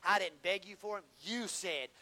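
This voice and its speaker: A man's voice: high voice, normal speed, bright, forceful tone, voice pushed up. A man voicing a desperate, insistent mother from a Bible story within his sermon, demanding and pleading.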